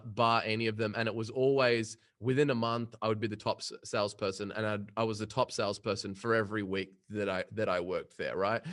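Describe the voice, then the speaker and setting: Man, thirties, podcast guest, punchy storytelling, lively delivery. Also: fairly low pitch. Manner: energetic, punchy, anecdotal. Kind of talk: casual storytelling interview.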